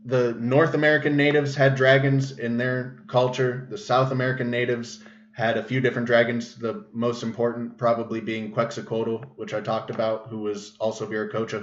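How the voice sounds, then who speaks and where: A man's voice: mid-range voice, flat delivery, moderate pace. A man hosting a casual livestream monologue, rambling with many fillers and restarts, recorded in an echoey room with a dull, lo-fi sound. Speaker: show host.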